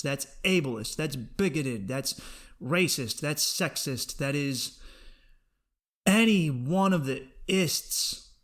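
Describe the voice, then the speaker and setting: Profane, ranting male comedian. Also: on the high side. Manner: profane, animated, acts out quoted voices. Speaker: comedian podcast host.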